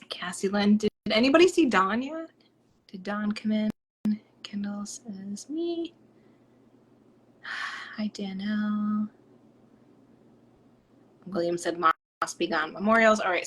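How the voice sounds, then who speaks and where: Chatty woman livestreaming to fans. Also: mid-range voice. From Rhode Island, US. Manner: chatty, bubbly, breaks into soft whispers while reading. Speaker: psychic medium hosting a live stream. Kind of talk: casual live-stream chat reading comments.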